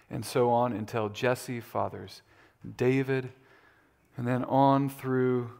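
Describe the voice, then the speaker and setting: A male pastor delivers a sermon in a mid-range voice. He speaks slowly and deliberately, and he builds emphasis and energy on his important points. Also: medium pitch.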